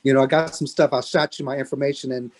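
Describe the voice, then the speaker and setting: A man's voice: mid-range voice, steady tone, fast, a little mellow. A man calling in to a video chat, gushing and choked up with emotion. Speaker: caller. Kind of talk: emotional video-call greeting. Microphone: video call.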